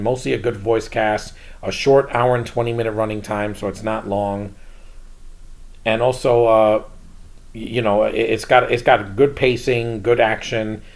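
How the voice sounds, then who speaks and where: A man's voice: medium pitch, vocal fry, a little mellow. A man hosting his own channel, giving a casual, blunt and rambling movie review.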